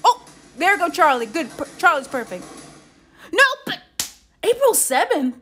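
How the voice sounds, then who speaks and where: A woman streamer giving excitable, exclamatory live reaction commentary. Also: high-pitched, normal speed, soft background music.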